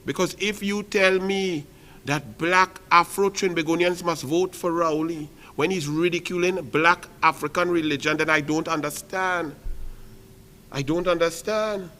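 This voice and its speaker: A man's voice: a little high, fairly even intonation, measured pace, sharp tone. A man with a Trinidadian accent giving impassioned political commentary, rhetorical and repetitive, driving each phrase home. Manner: fiery, rhetorical, repeats phrases with punch.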